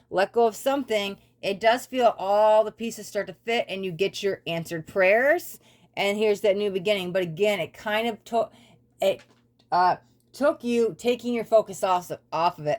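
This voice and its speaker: A woman giving a casual spoken tarot reading, rambling through repeated lists and breaking off for apologetic asides. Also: medium pitch. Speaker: tarot reader.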